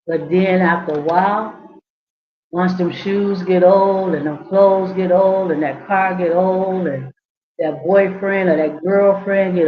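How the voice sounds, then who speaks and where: Slow, preachy woman in an echoey room. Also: on the low side, lo-fi sound. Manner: repetitive, preachy, emphatic, speaks straight to the listener. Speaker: channel host, inspirational speaker. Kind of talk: motivational self-help talk.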